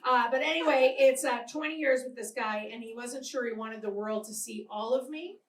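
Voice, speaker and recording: A woman's voice: a little high, moderate pace. Brash middle-aged Boston woman doing stand-up. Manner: brash, bawdy, works the crowd. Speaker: stand-up comedian. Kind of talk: live stand-up routine. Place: comedy club stage before a live audience. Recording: echoey club recorded from far off, loud crowd noise. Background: audience laughter and applause.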